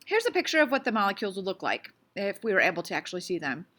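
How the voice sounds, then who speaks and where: A woman's voice: mid-range voice, very animated, very fast, bright, forceful tone. A woman teaching a casual science lesson on video, playful and chatty, asking lots of questions and sometimes talking with her mouth full. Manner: talks with her mouth full while eating.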